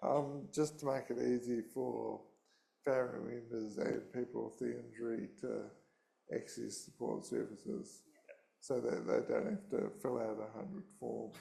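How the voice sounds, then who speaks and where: A man's voice: mid-range voice, gravelly, dark tone. A man on a panel giving brief, plain and direct closing remarks. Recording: echoey room.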